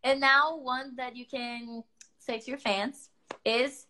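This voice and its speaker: Young brazilian girl hosting, high bright voice, giggly and fangirly, portuguese is her first language. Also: fairly even intonation, slow. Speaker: show host.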